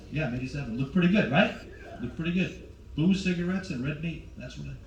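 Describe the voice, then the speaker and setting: A man's voice: fairly high pitch, echoey room, far from the mic, low-quality recording. A man in his forties doing stand-up on a cruise ship, brashly teasing the live audience. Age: 40s. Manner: brash, teasing, talks to the crowd. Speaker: stand-up comedian. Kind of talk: stand-up comedy with crowd work.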